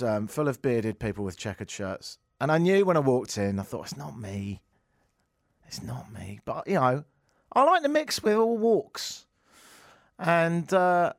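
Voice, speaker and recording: Sardonic comedian, lively delivery. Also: male voice, fairly high pitch, dry recording, clean studio sound. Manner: sardonic, animated storytelling with ranting outbursts. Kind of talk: stand-up anecdote.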